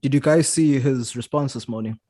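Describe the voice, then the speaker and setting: A man's voice: medium pitch, fairly quick, warm tone, dry recording, clean studio sound. A man co-hosting a casual podcast, laying out his points in a laid-back, explanatory way. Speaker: podcast co-host. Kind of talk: casual chat.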